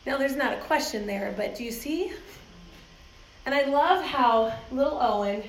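A high-pitched woman addresses a church crowd, telling lively stories and laughing often as she acts out quoted voices. Her voice rings through a roomy, echoing hall, with a faint hum behind her. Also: normal speed. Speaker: children's ministry speaker. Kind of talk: talk to a church audience, with anecdotes. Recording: roomy echoey hall sound.

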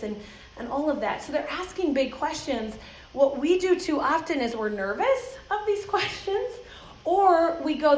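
A high-pitched woman addresses a church crowd, telling lively stories and laughing often as she acts out quoted voices. Her voice rings through a roomy, echoing hall, with a faint hum behind her. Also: normal speed. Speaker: children's ministry speaker. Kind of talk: talk to a church audience, with anecdotes. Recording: roomy echoey hall sound.

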